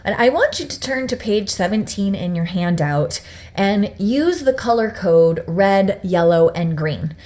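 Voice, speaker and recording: A woman's voice: mid-range voice, animated, unhurried, darkish tone. Woman, young adult, webinar coach; casual, upbeat and direct with viewers. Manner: chatty, upbeat, addresses viewers directly with frequent "right?". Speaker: business coach presenting a webinar. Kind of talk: webinar teaching.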